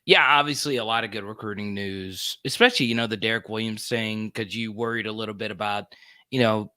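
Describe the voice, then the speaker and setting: An upbeat man co-hosts a casual sports talk show with a bright, forceful voice. He talks quickly and often restarts his sentences. The sound is dry and close. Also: lowish voice, smooth, dry recording.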